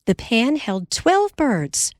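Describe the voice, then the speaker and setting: A woman voicing a calm, practical pioneer mother. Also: on the high side, slow pace, no room sound, studio quality, pitched above the performer's own voice. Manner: calm and reassuring.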